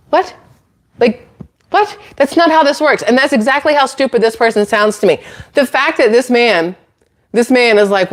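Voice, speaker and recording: Woman, channel host, ranting to camera, blunt, sarcastic, incredulous, slightly high voice. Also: a little slow. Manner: incredulous, blunt and sarcastic, with frequent exasperated laughs.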